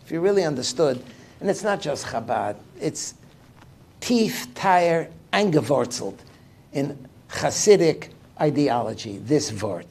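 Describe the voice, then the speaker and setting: A man, a rabbi, giving a livestreamed lesson, reading passages aloud and explaining them in an animated, emphatic way. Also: on the high side, a little slow, creaky. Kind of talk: livestreamed lecture on liturgy.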